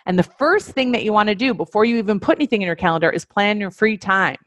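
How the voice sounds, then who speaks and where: A woman's voice: medium pitch, fast, fairly bright tone, dry recording, dull audio. A woman coaching an audience in a webinar, speaking emphatically, repeating key phrases and addressing her listeners directly. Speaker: life coach teaching a webinar. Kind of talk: instructional webinar talk.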